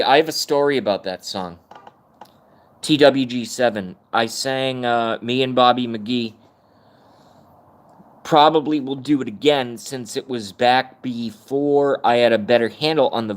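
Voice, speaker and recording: At a slightly slow pace and medium pitch, a middle-aged man rants offhandedly on his livestream, cursing and wandering off topic as he talks with viewers.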